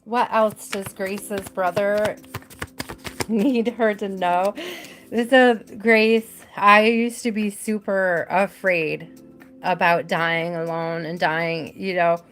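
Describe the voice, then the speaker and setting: A woman giving a live tarot reading, gentle and emotional, repeating her words softly. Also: medium pitch, fairly even intonation, slow, soft background music. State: tearful at times. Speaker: tarot reader.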